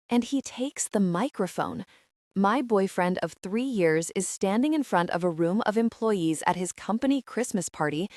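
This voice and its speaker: A woman's voice: medium pitch, a little mellow, dry recording. Woman narrating an audiobook, dry and close. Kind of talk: first-person audiobook narration.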